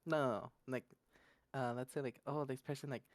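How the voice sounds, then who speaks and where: A slangy, blunt podcast host tells a long story in loose, casual chat, laughing often and padding with "da, da, da." The voice sits at a middling pitch and sounds dry and close. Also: steady tone, fairly quick, no echo. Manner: rambling, laughs often, fills gaps with "da, da, da".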